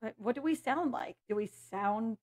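A woman with an American accent chats casually as a reaction co-host. Her voice sits a bit high, and she muses aloud, circling her point through fillers and half-started phrases. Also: normal speed, a little mellow. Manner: chatty, musing, trails off into fillers and restarts. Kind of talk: casual chat.

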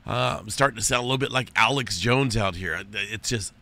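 Hoarse, folksy man with a bright voice. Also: medium pitch, fast. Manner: folksy and loose, calls viewers folks. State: hoarse with a lingering cough. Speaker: host of an earthquake and weather update channel. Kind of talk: casual spoken weather update.

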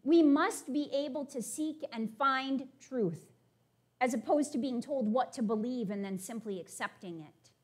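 A woman preaching a sermon, animated as she paraphrases and reads scripture to her congregation. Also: high-pitched, measured pace.

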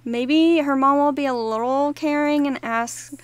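A woman's voice: high-pitched, measured pace, crowd noise. A young woman casually commenting on her life-simulation game, chatting along and voicing her characters' lines in a playful running commentary. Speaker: gaming YouTuber. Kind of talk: casual let's-play commentary.

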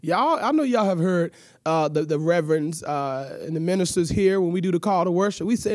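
A woman's voice: fairly low pitch, lively intonation, brisk, a little mellow, dry recording, studio quality. A woman hosting a church youth hour, out of breath, with exuberant call-and-response and playful teasing. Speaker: youth service host. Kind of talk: lively church show hosting.

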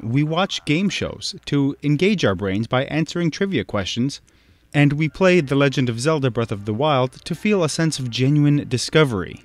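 Man, mid-pitched voice, scripted video essay narration, measured, explanatory. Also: lively intonation, dry recording.

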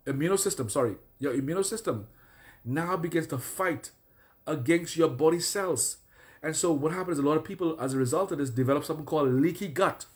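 A man with a somewhat high-pitched voice preaches a deliverance sermon. He runs through long lists in repeated phrases and breaks into forceful commanding prayers. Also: brisk. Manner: repetitive, declaring and commanding prayers. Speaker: prophet.

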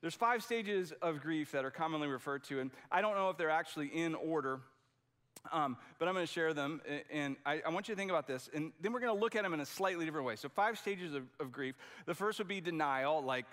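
A man's voice: fairly high pitch, fast talker, a bit bright. A man preaching a sermon in a conversational, emphatic way, often restarting his sentences. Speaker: pastor.

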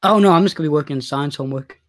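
Male co-streamer, fairly high voice, offhand chatty delivery. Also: racing. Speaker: co-streamer friend. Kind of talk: casual live-stream chat.

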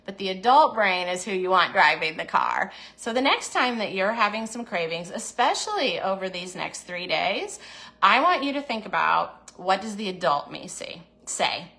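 A woman's voice: mid-range voice, lively intonation, normal speed, gravelly, bright, forceful tone. A woman hosting a casual livestream, talking encouragingly about food choices and reading viewer comments aloud. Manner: acts out little inner voices in quotes. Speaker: diet program host.

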